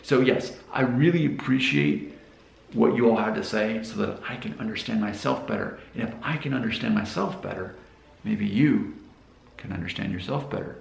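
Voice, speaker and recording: A man's voice: on the low side, moderate pace, gravelly. An American man in his forties, a vlogger talking casually to camera and putting questions straight to his viewers. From United States. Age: 40s. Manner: questioning viewers directly, gesturing as he talks. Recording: roomy echo.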